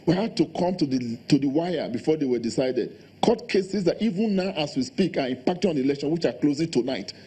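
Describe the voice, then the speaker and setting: Guy on a tv panel, talks super fast, pushy, slightly high voice. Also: warm tone, husky. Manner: fast, insistent, policy talk. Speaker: election official guest. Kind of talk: TV studio interview.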